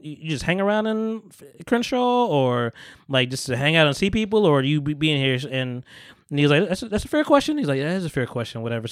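A man hosting a podcast casually retells film scenes, acting out the quotes amid lots of laughter. His voice is fairly high, clear and resonant, with no room sound.

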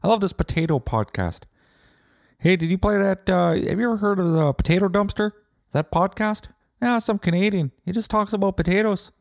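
A man voicing an excitable drunk Irish potato farmer fan, with a put-on Irish accent that slips toward Scottish, gushing and swearing. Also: sits high, brisk, gravelly, no echo, clean studio sound, pitched above the performer's own voice. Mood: delighted. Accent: put-on Irish drifting Scottish.

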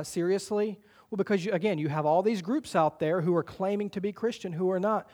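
A middle-aged man preaches a sermon in a high, bright voice. He draws scripture out slowly and then presses ahead quickly when he urges his listeners. At times his voice sounds a little farther from the mic. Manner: emphatic preacher, slows for quoted scripture, speeds up for exhortations. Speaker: pastor.

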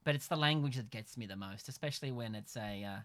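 A man's voice: mid-range voice, quick pace, a bit bright. Middle-aged Australian male podcast co-host, wry and meandering. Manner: dry, wry and rambling, with many fillers. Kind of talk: casual chat. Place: a house in the evening.

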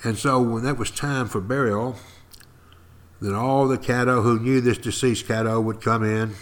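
A man telling history in a folksy, dramatic way, as if spinning a tale to friends. He keeps checking in with his listeners and asking if they follow. His voice sits in an ordinary middle pitch for a man. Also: fairly even intonation, normal speed. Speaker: podcast history lecturer. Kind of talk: storytelling lecture.

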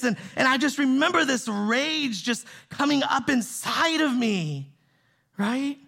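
Gravelly, bright-voiced male pastor preaching. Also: very high voice, lively intonation, slow. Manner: emphatic, repeats key phrases for stress; conversational, often asks "right?" and "see?". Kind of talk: sermon. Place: church in the Bay Area.

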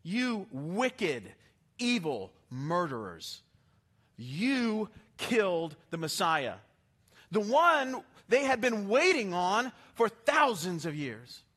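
A male pastor preaching a sermon with passion, swinging from hushed, slow lines to emphatic ones. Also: high voice, big pitch swings, slightly rough.

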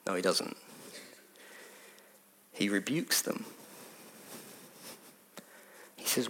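A man preaching a sermon in a conversational, animated way, repeating phrases for emphasis. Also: fairly low pitch, a little slow, long pauses.

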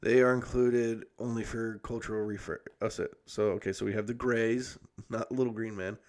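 Speaking at normal speed in a level, lowish voice, this young adult podcast host chats casually. He rambles and curses a lot, often restarting and correcting himself among plenty of fillers.

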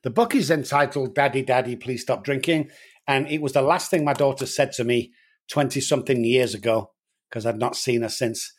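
A middle-aged man from Manchester with a Manchester accent, an addiction doctor answering interview questions in a brisk, earnest, frank way. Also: mid-range voice, slightly rough. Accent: Manchester English. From Manchester, England.

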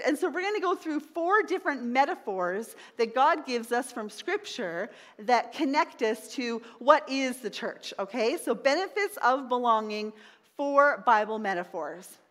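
A high-voiced woman preaches with wide swings of pitch, driving her points home by repeating them. She leads the congregation in call-and-response. Her voice rings with the long reverb of a church sanctuary. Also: fairly bright tone. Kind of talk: sermon.

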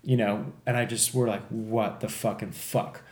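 A man's voice: lowish voice, normal speed. Profane man telling a wild story. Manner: profane, animated, acts out other people in the story. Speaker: podcast co-host. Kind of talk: casual storytelling. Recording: echoey room.

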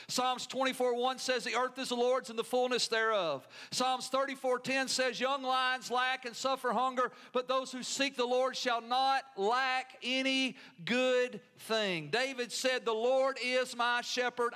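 Bright high-voiced Southern pastor preaching. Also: male voice. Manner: call-and-response preaching, emphatic repetition. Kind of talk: sermon.

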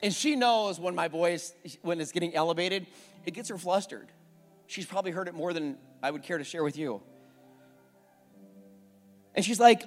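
A man in his forties preaching a sermon as a pastor, telling a candid family story, rising when worked up and going soft when reflective. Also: high voice, normal speed, long pauses. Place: church sanctuary. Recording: church hall with long reverb and faint music.

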